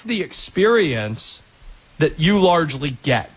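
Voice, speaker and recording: Animated, husky-voiced male radio host. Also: fairly high pitch, a little slow. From North Carolina. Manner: sarcastic, animated storyteller. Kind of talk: sports talk radio.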